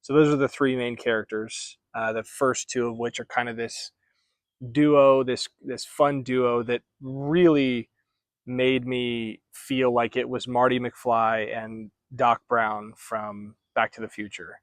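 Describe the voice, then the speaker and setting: Male vlogger, mid-pitch, loose and chatty book-review delivery, dry close sound. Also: fairly even intonation, slow, no room sound. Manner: chatty, rambling, self-correcting.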